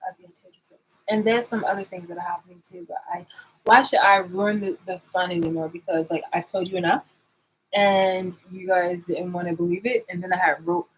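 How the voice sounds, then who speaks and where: A woman's voice: on the low side, fairly even intonation, brisk, slight background noise, poor audio. A woman vlogger in a rambling, sarcastic rant, swearing and restarting her sentences as she calls people out. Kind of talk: confrontational vlog rant.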